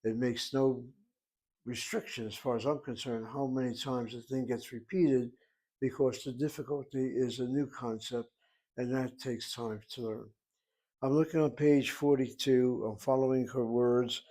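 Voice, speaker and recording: A man's voice: mid-range voice, fairly even intonation, normal speed, dark tone. A man teaching a Hebrew lesson, explaining grammar rules step by step as he writes on a board. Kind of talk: classroom lecture at a whiteboard.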